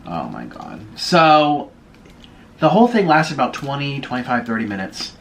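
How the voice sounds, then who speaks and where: A young man at a table at home talks to his camera in a loose, rambling way, stopping now and then to eat. His voice sits at an ordinary middle pitch, with a faint hiss in the background. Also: wildly swooping pitch, normal speed, vocal fry, fairly bright tone. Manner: chatty, rambling, with chewing and food noises between stories. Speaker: vlogger. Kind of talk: casual storytelling while eating on camera. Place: home room, sitting at a table.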